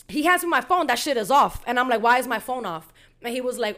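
A woman's voice: on the high side, fast talker. A young woman hosting a podcast, telling a story in casual, slangy and profane chat and acting out the other people's lines. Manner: animated, slangy and profane, acts out quoted dialogue. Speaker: podcast host.

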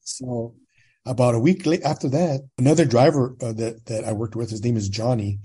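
A husky-voiced man in his sixties from California, settling into a long casual story. His voice sits on the dark, mellow side. He talks plainly and jumps into other people's voices when he quotes them. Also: medium pitch, moderate pace. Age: 60s. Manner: animated storyteller, acts out quoted dialogue. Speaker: guest.

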